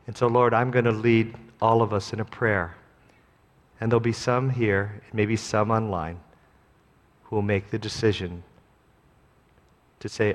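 A middle-aged man preaching a sermon as pastor, earnest, slow and emphatic. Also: fairly low pitch, steady tone. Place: church sanctuary. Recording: long hall reverb.

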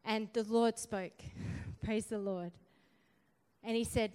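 Woman preacher, sermon testimony, slow measured delivery, smooth clear voice, long hall reverb. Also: fairly high pitch, fairly even intonation. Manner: quiet and subdued in the story, rising to forceful exhortation.

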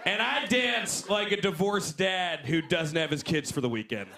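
A man in his twenties doing a stand-up set, animated and jumping into loud put-on voices. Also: sits high, moderate pace, gravelly, background noise. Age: 20s. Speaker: stand-up comedian. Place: comedy club stage. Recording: live club recording with crowd laughter. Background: audience laughing.

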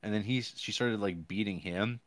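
A man co-hosting a podcast, retelling a movie's plot in a rambling, halting, casual way with crude jokes. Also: on the low side, no echo. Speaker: podcast co-host. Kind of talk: casual movie review chat.

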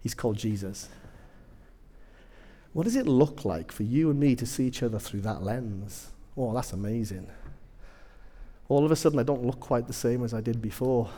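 A man's voice: mid-range voice, moderate pace, dark tone, in a large hall. A man preaching a sermon, telling humorous personal stories with self-deprecating asides.

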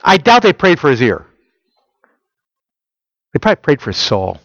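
A man preaching a sermon. He keeps asking the listeners rhetorical questions and swings between loud emphasis and quiet, intimate prayer-like tones. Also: on the high side, wildly swooping pitch, moderate pace, vocal fry, no room sound, highs cut off. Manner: asks the audience rhetorical questions. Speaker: pastor.

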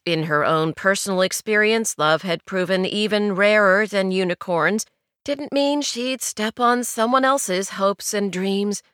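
A woman narrating a novel in a measured, wry storytelling manner, recorded on a studio mic. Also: mid-range voice, fairly bright tone, clear, resonant tone, no room sound. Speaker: audiobook narrator. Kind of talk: scripted narration.

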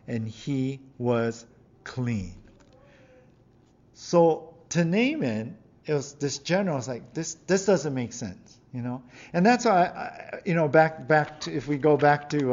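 Male pastor, conversational sermon, acts out quotes, slightly high, muffled recording. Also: a little mellow. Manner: conversational preaching, acts out quoted figures with raised voice.

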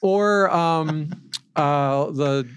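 Man, podcast co-host, slightly high voice, rambling laughing storyteller, dry close sound. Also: drawn-out words, a bit bright, clean tone, no echo. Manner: rambling storyteller, laughs often, lots of fillers. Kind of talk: casual movie review chat.

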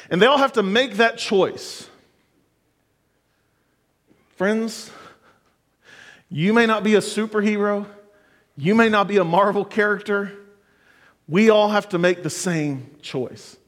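A man's voice: high-pitched, slow pace, long pauses, fairly bright tone. A middle-aged man preaching a sermon as pastor, earnest and building to fervent exhortation. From United States. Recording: long hall reverb.

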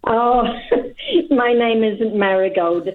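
A Scottish woman calling in to a radio garden show, chatty and quick to laugh. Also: fairly high pitch, animated, a crowd in the background. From Scotland. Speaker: caller. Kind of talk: phone-in question. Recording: tinny phone line.

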